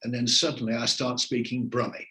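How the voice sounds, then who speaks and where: An older man from England, a veteran TV presenter, answering interview questions in relaxed, anecdotal storytelling. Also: mid-range voice, a little fast.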